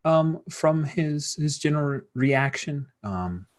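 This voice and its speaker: A man's voice: fairly high pitch, takes it slowly. A man narrating as game master in a tabletop role-playing game, chatty and loose, with plenty of fillers. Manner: relaxed, chatty, many fillers.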